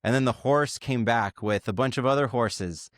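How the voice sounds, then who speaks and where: A man co-hosting a podcast in casual chat, thoughtfully telling parables and trailing off quietly at the ends of lines. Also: mid-range voice, normal speed, dry recording, clean studio sound. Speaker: podcast co-host.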